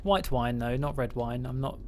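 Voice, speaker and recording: A man's voice: medium pitch, moderate pace, a little hiss or hum. A man live-streaming gameplay, chatting playfully, mocking himself and talking to the game creatures and his viewers. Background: game music.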